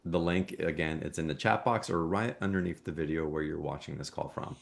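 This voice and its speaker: A man's voice: very deep voice, a little fast, creaky. A man hosting a live spiritual call, affirming and encouraging, reading out offers and calling on callers. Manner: affirming, soft-spoken, encouraging. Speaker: host.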